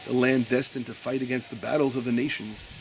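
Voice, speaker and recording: A male rabbi teaching Torah. He stops to search his papers, stumbles and repeats words, and reads his quotes slowly with weight. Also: mid-range voice, fairly even intonation, noisy background. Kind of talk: Torah lesson.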